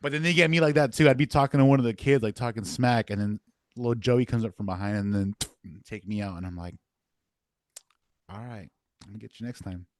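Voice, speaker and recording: A man's voice: medium pitch, a little fast, no room sound. A young man co-hosting a podcast, telling casual stories in a laid-back way full of filler words. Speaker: podcast co-host. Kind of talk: casual chat.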